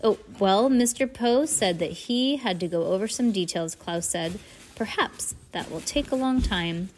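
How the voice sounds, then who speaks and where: A woman's voice: medium pitch, lively intonation, a little mellow, a little hiss or hum. A woman reading a novel aloud in a casual way, stumbling and correcting words as she goes. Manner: reads aloud haltingly, stops to comment and laugh. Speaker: reader. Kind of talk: casual read-aloud with asides.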